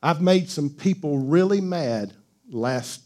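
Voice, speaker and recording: A man's voice: fairly high pitch, lively intonation, slow pace, warm tone. A male pastor preaching a sermon in a conversational, joking style, with call-and-response to the congregation.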